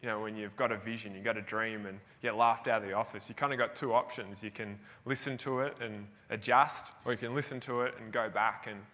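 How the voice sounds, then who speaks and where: Australian man, bright forceful voice, keynote storytelling, long hall reverb. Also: on the low side, steady tone, a little fast, hardly any pauses. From Tasmania, Australia. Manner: anecdotal, self-deprecating, laughs between phrases. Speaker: keynote speaker. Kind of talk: motivational stage talk, storytelling. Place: large hall on stage.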